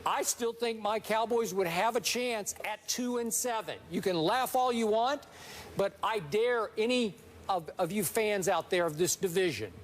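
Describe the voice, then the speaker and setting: A man co-hosting a sports debate, arguing in a dry, measured way. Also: high voice.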